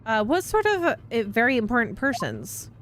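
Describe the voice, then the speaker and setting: A woman's voice: fairly high pitch, big pitch swings, moderate pace, a little hiss or hum. Woman doing an earnest, polite young man. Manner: polite, hesitant and formal. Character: polite, earnest young male law student.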